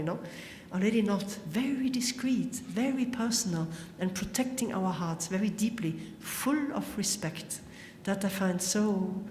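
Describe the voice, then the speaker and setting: A woman's voice: medium pitch, a little mellow, a little hiss or hum. A woman giving an earnest spoken testimony, telling stories and quoting others as she goes. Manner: earnest, storytelling, frequent quoting. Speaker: speaker giving a talk. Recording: echoey hall with long reverb.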